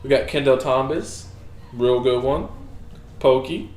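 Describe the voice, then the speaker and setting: Animated man telling a story in an echoey room. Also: mid-range voice, a little slow. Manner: animated storytelling, acting out his own reactions. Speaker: podcast co-host. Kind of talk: casual podcast chat.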